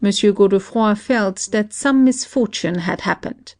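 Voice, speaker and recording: A woman as audiobook narrator, reading a classic story in a steady, measured way. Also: medium pitch.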